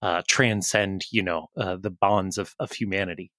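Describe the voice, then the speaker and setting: A man on a film podcast talking slowly and searchingly, pausing and using fillers as he explains an idea. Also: low-pitched, fairly even intonation, a bit bright, no room sound, studio quality. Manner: slow, searching, with pauses and fillers. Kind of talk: casual film podcast discussion.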